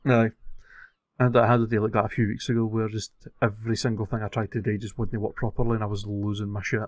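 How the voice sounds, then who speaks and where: A man, co-hosting a podcast in casual chat, swearing freely and getting animated as he rants. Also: fairly low pitch, fast, no room sound. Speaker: podcast co-host.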